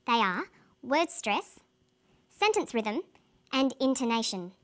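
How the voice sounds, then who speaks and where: A woman with a slightly high voice presents an English lesson, speaking clearly and at an even, careful pace. Her delivery is scripted and measured.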